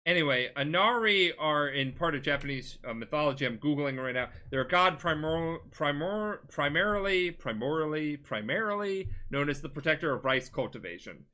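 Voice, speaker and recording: A man's voice: a little high, lively intonation, normal speed, hardly any pauses, bright, forceful tone. A tipsy man hosting a podcast, rambling through a video game story in a casual comedic retelling, swearing often and restarting words. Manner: rambling, swears a lot, restarts mid-word.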